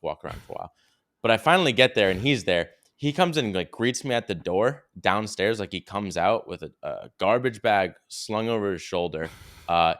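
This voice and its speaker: A young man with a very low, clean and resonant voice tells a story on a podcast. He rambles, swears casually and drops "dude" and "like" everywhere. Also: gravelly, a bit bright. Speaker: podcast co-host.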